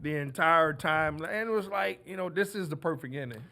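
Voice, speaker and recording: A middle-aged man, a former running back, chatting as a guest in a studio. He is relaxed and agreeable, with plenty of yeahs. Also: fairly high pitch, moderate pace, vocal fry. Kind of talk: casual studio chat. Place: radio studio.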